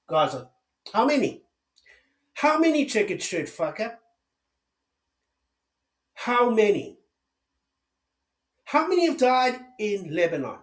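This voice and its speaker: A man's voice: high-pitched, a bit bright. A man giving an angry political rant, swearing heavily and firing off sarcastic rhetorical questions. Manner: furious, heavy swearing. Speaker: political commentator. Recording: roomy echo.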